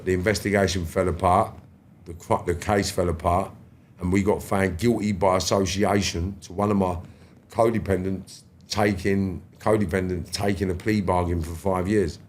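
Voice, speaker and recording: A London man in his fifties, a podcast guest telling stories in animated, slangy street talk and swearing freely. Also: low voice, normal speed. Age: 50s. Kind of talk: storytelling interview.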